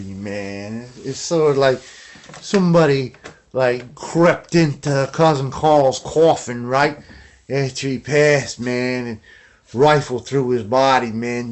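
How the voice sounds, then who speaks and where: A laid-back man rambles through a casual video journal on an old guitar, steadily dropping "man" and "you know what I mean" as he goes. His voice sits at an ordinary middle pitch, and his talk is loose and unhurried. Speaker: guitar collector and video host.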